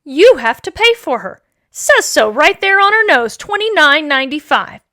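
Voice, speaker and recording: A woman's voice: high voice, very animated, moderate pace, sharp tone, heavily acted. A woman reading a storybook aloud, voicing a blunt, insistent male cashier. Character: pushy male cashier, matter-of-fact.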